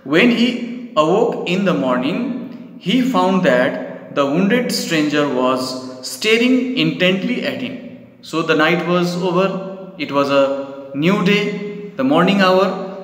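A male English teacher explaining a literature chapter to children, pausing to define words and calling them "children". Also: on the high side, animated. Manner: explains word meanings, addresses the children repeatedly. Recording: echoey room with long reverb.

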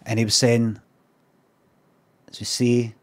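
Chatting on a live stream, a Scottish man spins a loose, rambling anecdote peppered with swearing. His relaxed voice sits at an ordinary middle pitch and moves slowly, with a little hiss or hum in the recording.

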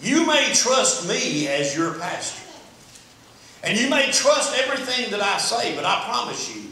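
High bright-voiced preacher in a ringing church. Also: male voice, very animated, unhurried, a little hiss or hum. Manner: folksy, repetitive preaching that builds to shouting. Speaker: pastor. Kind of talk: sermon. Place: large echoey church sanctuary. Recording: echoey church from a distance.

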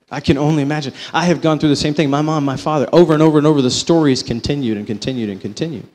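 A man sharing his faith testimony before an audience, telling it as a story that swings between slow, emphatic phrases and quicker runs. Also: fairly high pitch, darkish tone, big-room sound. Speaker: company vice president giving a testimony.

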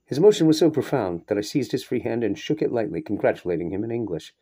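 A man reading a short story aloud in a steady, measured way, now and then breaking off for a brief aside. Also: on the low side. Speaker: reader. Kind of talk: audiobook narration of a short story.

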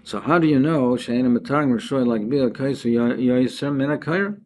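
A man's voice: medium pitch, a little hiss or hum. A man, a rabbi, giving a daily Talmud lesson. He reads each phrase of the text, then explains it in plain words, and his voice rises and falls sharply for emphasis.

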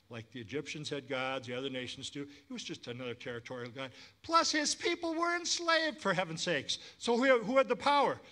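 A man preaching a sermon as pastor, lively and inviting the congregation to respond. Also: mid-range voice.

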